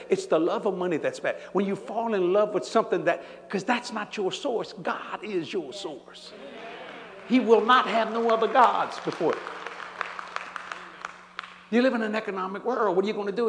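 High-voiced older New preacher. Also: male voice, fairly quick, some chatter behind, a little hiss or hum. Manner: animated storytelling preaching, laughing as he tells it. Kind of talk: sermon. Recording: church hall reverb.

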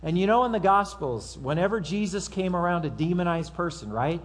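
A man delivers a sermon from the pulpit in an easy, conversational way. His voice sits a little high for a man. He slips into acted-out quotes and offhand asides as he preaches to the congregation. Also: lively intonation, fairly quick. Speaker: pastor.

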